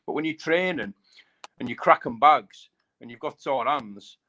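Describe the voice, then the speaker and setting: A man's voice: medium pitch, animated, measured pace, sharp tone. A man, a bare-knuckle fighter, chatting casually and rambling, repeating himself and saying mate a lot. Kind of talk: casual live chat.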